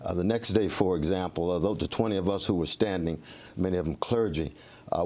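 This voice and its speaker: A man with a very deep voice speaks with passion in an interview clip, repeating himself in bursts. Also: darkish tone. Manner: impassioned, with restarts. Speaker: interviewee activist.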